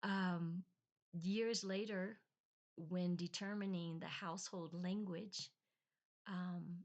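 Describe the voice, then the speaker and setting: A middle-aged woman telling a casual, rambling personal story with many ums and restarts, on a quiet, poor-quality recording. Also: lowish voice, steady tone, slow pace, highs cut off. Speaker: vlogger, language encourager. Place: lives in Bolivia.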